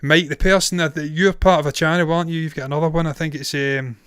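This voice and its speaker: A man's voice: fairly high pitch, steady tone, quick pace, a bit bright, clean tone, no echo, clean studio sound. Blunt, tired-voiced man in his thirties. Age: 30s. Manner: blunt, swears freely, opinionated. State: tired, strained voice. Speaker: film reviewer and live-streamer. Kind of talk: casual live-stream chat.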